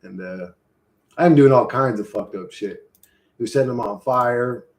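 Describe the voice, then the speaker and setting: A man's voice: medium pitch, normal speed. Rambling, profane male streamer. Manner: rambling, profane, laughs often. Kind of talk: casual live-stream chat. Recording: echoey room.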